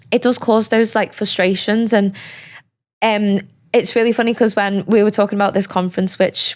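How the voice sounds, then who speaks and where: A young woman, a podcast guest talking casually and animatedly, with quick asides and lots of fillers. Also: mid-range voice. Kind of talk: casual conversational interview.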